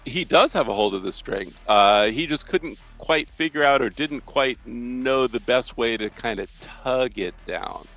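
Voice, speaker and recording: Gravelly game master narrating a scene. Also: male voice, mid-range voice, measured pace, hardly any pauses, a bit bright, soft background music, rough recording. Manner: describes scenes loosely, with frequent restarts.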